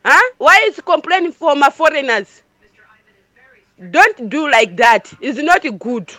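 A woman's voice: high-pitched, expressive, takes it slowly, bright, forceful tone, no room sound. Emphatic woman caller from Malawi. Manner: emphatic, repetitive, in broken English. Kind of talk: impassioned call-in speech.

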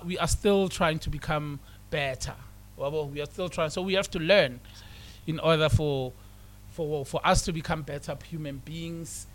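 Guy hosting radio, preachy casual talk, kinda high pitched. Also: a bit bright. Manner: preachy, repeats himself, mixes English with Setswana. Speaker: radio host.

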